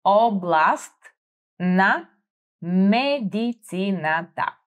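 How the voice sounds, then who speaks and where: A woman hosting a vocabulary lesson, speaking slowly and clearly, prompting listeners to repeat words and encouraging them. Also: medium pitch, lively intonation, lo-fi sound. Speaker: language teacher host. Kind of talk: slow vocabulary drill lesson.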